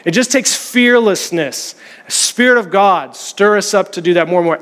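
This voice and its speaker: High-voiced man preaching in a hall. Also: animated, unhurried, a bit bright. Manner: storytelling, conversational preaching. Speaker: pastor. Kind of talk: sermon. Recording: long reverb of a church hall.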